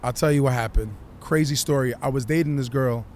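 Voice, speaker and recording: A man, a musician guest on a podcast, telling his story in an animated, profane way and acting out what people said. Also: medium pitch, fairly quick, a little hiss or hum. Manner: animated, profane, acts out quotes.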